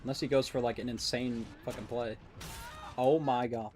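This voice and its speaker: A man's voice: mid-range voice, steady tone, a little mellow. A man giving casual, joking commentary while playing a match with a friend. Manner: joking, teasing, quick asides. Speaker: caster and player.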